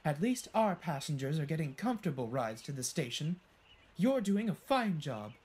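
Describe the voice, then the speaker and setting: A prim, fretful coach lady from a storybook who fusses in a murmur, as a man puts her on. The voice sits well above his own and moves with lively swings. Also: a little high, moderate pace, breathy edge, voice pushed up. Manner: fussing, murmuring.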